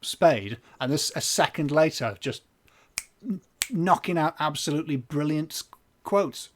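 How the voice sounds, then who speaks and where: A man co-hosts a comedy podcast live, riffing casually with his partner. His pitch swings widely and playfully. He restarts sentences and reads viewer comments aloud. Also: animated, measured pace, a little hiss or hum. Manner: jokey, self-interrupting, reads chat comments aloud. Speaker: podcast co-host.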